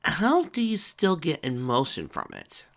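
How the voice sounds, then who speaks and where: A man's voice: on the high side, huge pitch swings, measured pace. Wry man reading fanfiction aloud. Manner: wry, rambling asides with fillers. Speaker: fanfiction reader and commentator. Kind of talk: casual reading with commentary.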